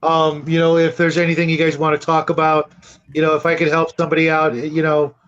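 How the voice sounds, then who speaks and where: High-voiced man, muffled, rambling. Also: completely flat delivery, a little fast, clean tone. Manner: warm, rambling, many "you know" fillers. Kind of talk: casual chat.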